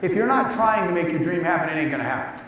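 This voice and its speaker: Animated man telling a story in an echoey hall. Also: on the high side, fast. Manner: animated, acts out quoted voices. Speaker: keynote speaker. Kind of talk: storytelling speech. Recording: echoey hall, mic at a distance.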